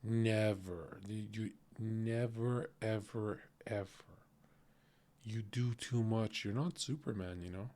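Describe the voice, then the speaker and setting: A man's voice: fairly low pitch, slow, mellow. A man streaming and reacting to a clip in casual, crude, opinionated commentary, lecturing his chat and often laughing.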